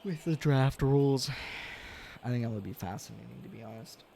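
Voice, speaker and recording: A young man streaming a hockey video game, casually commenting, swearing a lot and yelling at big plays, tired and yawning. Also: medium pitch, brisk, gravelly, a little hiss or hum. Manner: excitable, swears often, yells at big plays. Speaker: gaming streamer.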